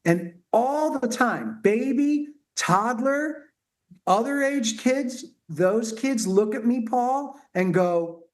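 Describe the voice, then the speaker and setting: Slow, earnest male pediatrician. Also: extremely high pitch, expressive. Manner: earnest, slow, halting with many restarts. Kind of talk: conversational interview talk.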